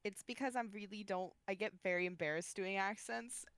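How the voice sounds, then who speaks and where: A woman's voice: mid-range voice, a little fast, a bit bright, clear, resonant tone, no room sound. A woman in casual chat as a tabletop game player, making short, encouraging remarks.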